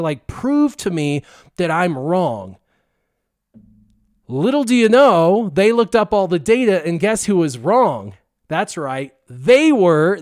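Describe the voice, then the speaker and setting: A man hosting a gaming channel, telling a story to his viewers in a casual, excitable and animated way, stressing words for effect. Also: fairly high pitch, no room sound, clean studio sound.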